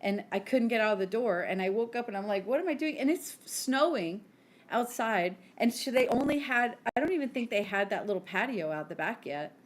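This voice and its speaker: A woman in her thirties, co-hosting a podcast, telling stories in animated casual chat and acting out the quotes. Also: medium pitch, brisk. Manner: animated storyteller who acts out quotes. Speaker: podcast co-host.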